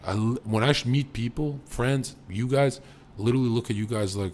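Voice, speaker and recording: A young man streaming live, boastful and profane, jumping between loud bursts and low mutters. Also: normal speed, slight background noise. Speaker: livestreamer.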